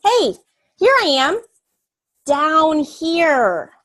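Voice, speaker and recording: A woman's voice: high voice, very animated, extremely slow, fairly bright tone, pitched above the performer's own voice, heavily acted. A woman voicing a chatty young schoolgirl who narrates a storybook in an eager, confiding way. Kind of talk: storybook read-aloud.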